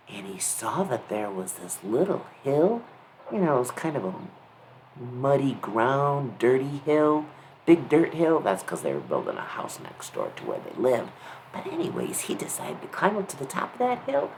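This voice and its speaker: A woman narrates a children's story, leaning in with questions for the listener. Her voice sits low but rises and falls a great deal, with a faint hiss of noise behind her. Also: moderate pace, low-quality recording. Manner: animated, asks the listener questions.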